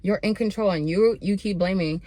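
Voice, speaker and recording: A woman's voice: medium pitch, normal speed, dark tone, no room sound. A young woman giving a sassy, blunt motivational pep talk straight to her viewers and calling them honey and babe. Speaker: self-improvement vlogger.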